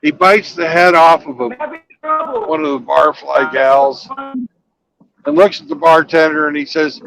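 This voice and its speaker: A man's voice: a little high, lively intonation, unhurried, vocal fry, long pauses, a bit bright, poor audio. A man hosting a casual talk show, joking with callers and telling a long joke. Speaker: host.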